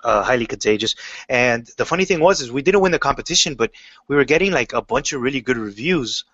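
A man who writes comics chats in an interview, his relaxed storytelling loose and studded with fillers and restarts. His voice is mid-range and fast; the sound is dull with no room audible.

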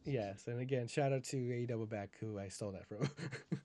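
A man's voice: medium pitch, a little fast, a crowd in the background. A man co-hosting a wrestling podcast, ranting in casual chat, profane and rambling with frequent restarts.

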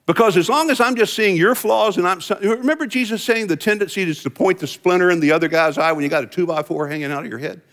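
A man preaching a sermon, telling a parable with lively emphasis and acting out the characters' lines. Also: high voice, fast talker, hardly any pauses. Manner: lively storytelling preacher, acts out quoted voices. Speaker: pastor. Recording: long hall reverb.

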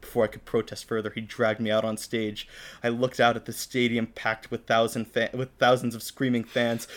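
A man's voice: mid-range voice, completely flat delivery, normal speed, fairly bright tone. A young man co-hosting a podcast, reading his own fan fiction aloud in a dramatic storybook way. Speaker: podcast co-host.

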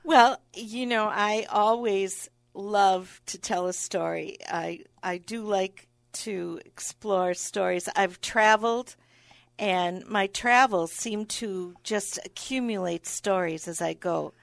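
Slow-talking woman guest, acts out every line of her funny story, dry sound. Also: mid-range voice, creaky, no room sound. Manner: animated storyteller acting out the people in her stories. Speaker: guest speaker. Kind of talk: casual storytelling in an interview.

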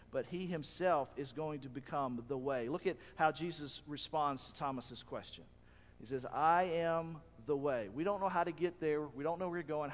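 A man's voice: on the high side, big-room sound. A man preaching a sermon in an earnest, conversational way, often asking his listeners questions. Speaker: pastor.

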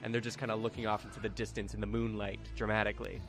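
A young man in a relaxed, easygoing manner, narrating a tabletop game as game master. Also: on the low side, rapid-fire, over music. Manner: easygoing, laughs often.

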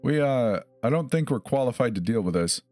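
A man's voice: medium pitch, expressive, brisk, a little mellow, soft background music, pitched above the performer's own voice, natural voice. A man voicing a shaken male medic who snaps orders in a scary story. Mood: tense. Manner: tense, snappy.

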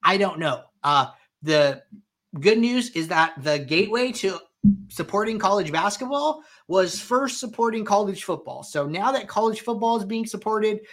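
A man hosting a live question-and-answer show, explaining software settings in a conversational way with frequent fillers. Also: sits high, expressive, normal speed. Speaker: host answering viewer questions. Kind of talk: live Q&A tutorial, walking through software.

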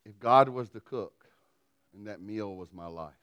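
A middle-aged man, preaching a sermon through a folksy, self-deprecating personal story, swinging from loud to quiet. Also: fairly low pitch, unhurried, clean tone, no room sound. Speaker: pastor.

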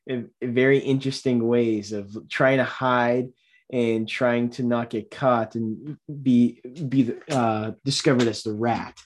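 Dude chatting movies on a podcast, kinda rambly, lots of "like" and "uh", mid-pitch voice. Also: male voice. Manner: rambling, upbeat, many fillers and restarts. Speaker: podcast co-host. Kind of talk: casual movie podcast chat.

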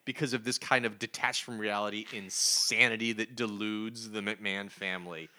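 A man's voice: fairly low pitch, fairly even intonation, normal speed, sharp tone. A man co-hosting a casual podcast chat, given to incredulous, exclamatory outbursts. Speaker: podcast co-host.

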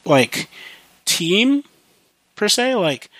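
A man's voice: high-pitched, big pitch swings, very slow, pushed and bright, dry recording. A young man hosting a podcast alone, rambling casually about his life with lots of fillers and restarts. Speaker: podcast host. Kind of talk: casual monologue.

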